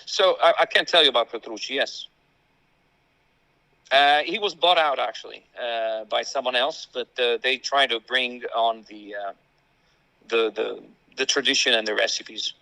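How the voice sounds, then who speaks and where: A man with an Italian accent, a guest in a casual chat, talking in an animated way. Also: mid-range voice, normal speed, gravelly, no room sound, rough recording. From Italy. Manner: animated, acts out family quotes.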